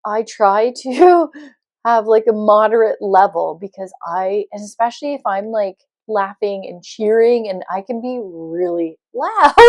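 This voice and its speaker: Woman host, chatty solo story, acts out quotes, loud laugh, dry booth. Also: fairly high pitch, no echo. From Canada. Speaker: podcast host. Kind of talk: casual storytelling monologue.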